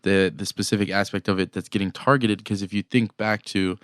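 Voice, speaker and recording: In a clean studio recording with no room sound, a man co-hosts a business news podcast, casually recapping the news with fillers and restarts. His pitch is fairly low, his intonation fairly even, and he talks a little fast.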